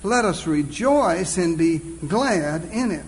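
A man preaching a sermon, earnest and exclaiming, reading scripture slowly and deliberately. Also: sits high, expressive, low-quality recording.

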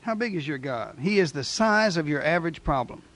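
A male preacher delivering a sermon with a fairly high voice. He speaks with emphasis and drives his points home with repeated rhetorical questions to his listeners. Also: expressive, brisk, a bit bright.

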